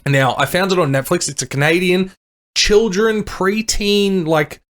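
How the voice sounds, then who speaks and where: A man in his late twenties with an Australian accent, co-hosting a casual pop culture podcast, excitable and swearing freely. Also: unhurried. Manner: excitable, swears freely, acts out reactions in a high voice. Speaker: podcast co-host. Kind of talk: casual chat.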